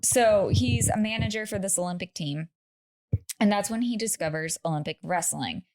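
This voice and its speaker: A woman's voice: medium pitch, moderate pace, a little mellow. A woman co-hosting a podcast, telling a true story in casual chat with laughing asides and lots of "like".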